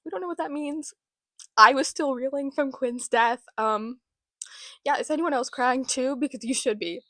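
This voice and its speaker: A woman's voice: sits high, moderate pace, sharp tone, dry recording. A woman giving a casual book recap, chatty and loose, with lots of fillers and the odd swear. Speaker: book vlogger.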